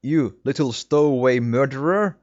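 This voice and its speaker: A man voicing a gruff, hostile sailor guard who speaks blunt broken English with a mock Russian accent. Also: medium pitch, moderate pace, pitched above the performer's own voice, lightly acted. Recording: slightly muffled, steady hiss behind.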